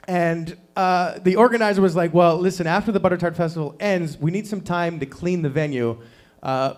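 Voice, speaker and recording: A man in his thirties doing a deadpan stand-up set at a small open mic, acting out quotes with big jumps in pitch. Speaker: stand-up comedian. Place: small performance venue.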